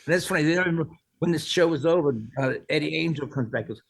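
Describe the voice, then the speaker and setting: A man's voice: on the high side, racing, creaky, low-quality recording. A man in his sixties, a musician guest, telling long rambling stories in a casual interview. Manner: rambling anecdotes, many restarts and "like".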